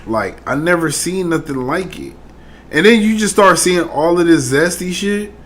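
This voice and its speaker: A man's voice: a little high, expressive, moderate pace, a bit bright, slight background noise. A man casually reacting to online clips in a slangy, amused, laid-back way.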